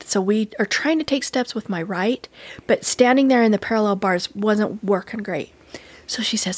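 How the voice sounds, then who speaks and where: A woman guest telling a personal story in an interview, earnest and animated, acting out quoted dialogue as she goes. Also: mid-range voice, normal speed, slightly rough, no echo.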